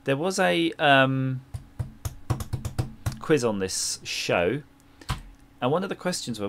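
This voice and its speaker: Slow and pausing often, a man with a mid-range, fairly bright voice and big swings in pitch plays retro games on a livestream. He rambles and jokes with his viewers over a humming, noisy background.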